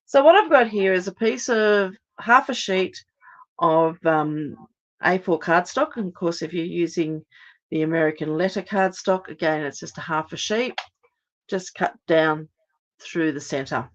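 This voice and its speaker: A middle-aged woman hosts a live card-making demonstration. Her voice is a little hoarse as she recovers from losing it, and she explains each step in a chatty way with many ums. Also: fairly low pitch, measured pace, lo-fi sound. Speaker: crafting live-stream host.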